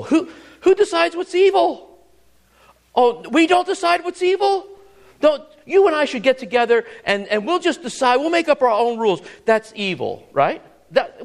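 A middle-aged man preaching a sermon, keeps prompting listeners with "listen" and "ready?", swinging dramatically between booming lines and hushed asides.

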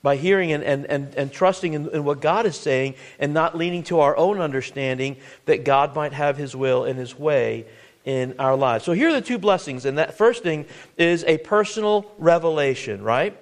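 A man's voice: fairly high pitch, expressive, normal speed. A man preaching a sermon, earnest and searching, often repeating words and asking the congregation questions.

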